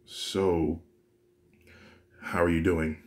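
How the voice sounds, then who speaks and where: Guy reading as a gentle earnest young hero, deep voice, soft and sincere. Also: little pitch movement, extremely slow. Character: earnest, gentle young man with fire powers.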